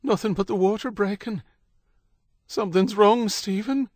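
A man's voice: high voice, animated, fairly quick, no echo, studio quality, voice pushed up. A man reading an audiobook, voicing a frightened young woman giving birth who wails and gasps. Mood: panicked. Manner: wailing, gasping, breathless pleas. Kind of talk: audiobook character voice.

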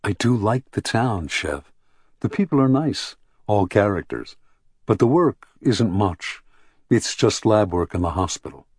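A man voicing a calm, weary mother. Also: lowish voice, measured pace, breathy edge, dry recording, studio quality. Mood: plain. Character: calm adult woman, a tired mother.

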